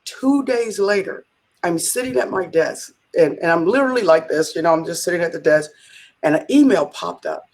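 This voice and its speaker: A woman guest in a conversational interview, telling a story in an animated way and acting out the quotes. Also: fairly low pitch, moderate pace. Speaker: business leader, interview guest.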